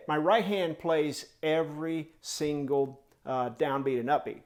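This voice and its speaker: A man's voice: a little high, normal speed, few pauses, faint music behind. A man teaching snare drum step by step, singing the rhythms in syllables, counting off tempos and encouraging his students. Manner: coaching and encouraging. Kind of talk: step-by-step music tutorial.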